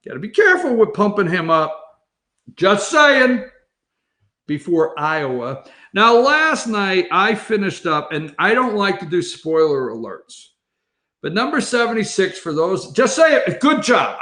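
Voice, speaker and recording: A man hosting a political commentary monologue, sarcastic and rambling with quick asides. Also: high voice, a bit bright, roomy sound. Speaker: host.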